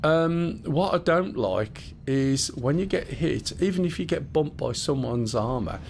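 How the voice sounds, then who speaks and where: A man's voice: fairly high pitch, lively intonation, a little slow, creaky, a little mellow, slight background noise. A man casually chatting and explaining things as he live-streams a game, rambling and swearing a bit. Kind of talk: live gameplay stream chat.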